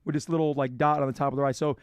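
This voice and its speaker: A man who keeps reptiles, chatting casually as a guest in an easygoing way, explaining with quick restarts. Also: mid-range voice, fairly even intonation, clear, resonant tone, no room sound, studio quality. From Florida. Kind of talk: casual chat.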